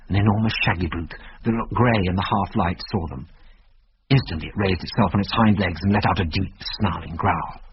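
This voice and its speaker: A man narrating an adventure story in a measured, vivid reading. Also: low-pitched. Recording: dull lo-fi radio recording with faint hiss.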